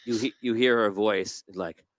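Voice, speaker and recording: A man's voice: fairly low pitch, moderate pace, no room sound. A man acting as game master of a tabletop game, patiently explaining the rules with some stumbles and chuckles.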